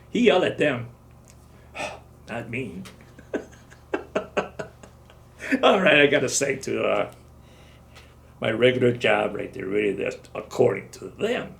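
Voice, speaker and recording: Gravelly old guy in his 70s rambling through his army stories, slips into voicing other people, pretty ordinary pitch. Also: normal speed, long pauses. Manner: rambling storytelling, acts out dialogue. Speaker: veteran interviewee. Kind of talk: oral history interview.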